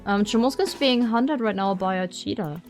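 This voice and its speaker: A woman streamer chatting casually during a game, talking slowly with lots of repeated words and giggles. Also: mid-range voice, loud music behind the voice.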